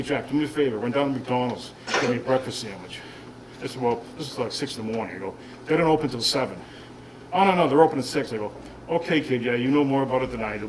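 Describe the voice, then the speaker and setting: A man in his fifties gives a rambling, heartfelt retirement speech, often restarting his sentences. He sounds a step away from the mic. Room noise carries clearly behind him. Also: mid-range voice, distant mic. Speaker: retiring police officer. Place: room at a gathering.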